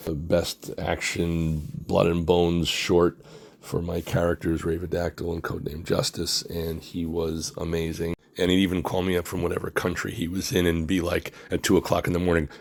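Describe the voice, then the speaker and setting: A man hosting his own channel, talking in a halting, grieving way with many fillers. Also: sits low, gravelly, a little mellow. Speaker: comic artist and director, channel host. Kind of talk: personal tribute vlog.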